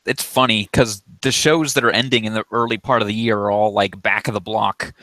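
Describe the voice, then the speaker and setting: A man chatting casually on a podcast, lively, laughing often and throwing in quick asides. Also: lowish voice, dry recording.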